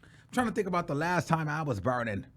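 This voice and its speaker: A man hosting his own show, telling a story in a sassy, dramatic way and calling his listeners "girl", with sudden loud exclamations. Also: on the high side, big pitch swings, fast. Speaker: show host. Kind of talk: casual storytelling chat.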